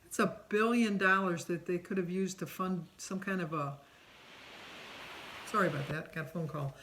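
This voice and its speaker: A woman's voice: on the low side, moderate pace, background noise. Chatty middle-aged woman rambling on camera. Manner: chatty and rambling, many ums. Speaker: vlogger answering a tag questionnaire. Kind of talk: casual chat.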